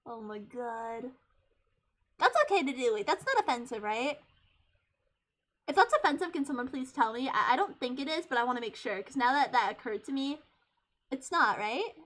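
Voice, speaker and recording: A young woman in her twenties chatting casually on a live stream, giggly and hyper, getting loud when excited. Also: high-pitched, moderate pace, pauses often. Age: 20s.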